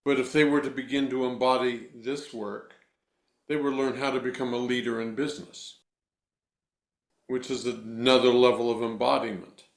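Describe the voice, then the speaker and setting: A man working as a voice coach, guiding a breathing exercise with slow, deliberate, instructive cues and then answering interview questions. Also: medium pitch, flat delivery, reverberant.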